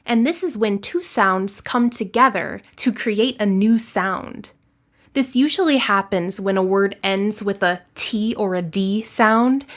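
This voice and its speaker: Slow, deliberate woman teaching English. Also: mid-range voice. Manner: clear, deliberate explanations with slow example words. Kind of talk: scripted lesson narration.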